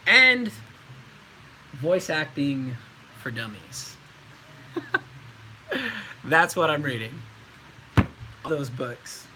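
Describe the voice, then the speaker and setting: A man's voice: fairly high pitch, sing-song, extremely slow, long pauses, noisy background. A man in his twenties, a voice actor, chatting casually on a live stream and answering viewer questions in a laid-back way.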